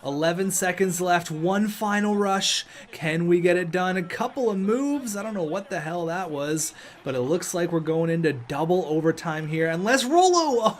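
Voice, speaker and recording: A young man commentating his own video game match, joking and shouting when play gets tense. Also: a little high. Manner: excitable, jokey, shouts at big plays. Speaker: gaming YouTuber.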